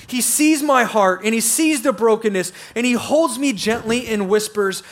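High-pitched guy preaching, earnest and reflective, slows way down on the bible verses. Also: slight background noise. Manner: earnest and reflective, slowing to linger on scripture. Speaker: pastor. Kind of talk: sermon.

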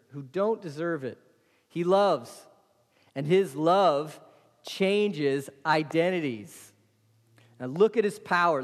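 A man's voice: on the high side, big-room sound. A man preaching a sermon as pastor, emphatic and calling on the congregation to respond.

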